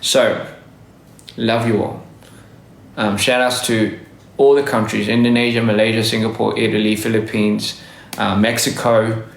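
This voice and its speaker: A man chatting casually to fans on a livestream, giving rambling shout-outs with many restarts. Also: lowish voice, flat delivery, unhurried, gravelly, reverberant. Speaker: livestreaming artist. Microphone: phone.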